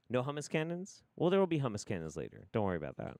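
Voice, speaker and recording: A man hosting a livestream who gives profane, rambling, animated commentary. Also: mid-range voice, normal speed, no room sound, clean studio sound. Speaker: livestream host.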